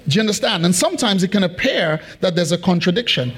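A preacher delivers a sermon in a notably high voice for a man. He repeats phrases for emphasis and keeps checking in with the congregation, pressing each point home. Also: animated, fast, husky. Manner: emphatic and repetitive, asks the congregation questions. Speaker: pastor.

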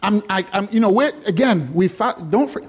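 A man preaching a sermon in a lively, conversational and playful way. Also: high-pitched, moderate pace, breathy edge. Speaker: pastor.

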